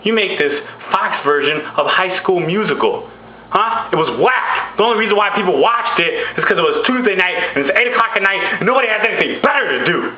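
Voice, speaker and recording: A brash male God , as a man puts him on, delivers mocking put-downs in a high, scolding voice. The sound is dull and lo-fi, with a roomy echo. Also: expressive, a little fast, slight background noise. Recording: dull, echoey room recording.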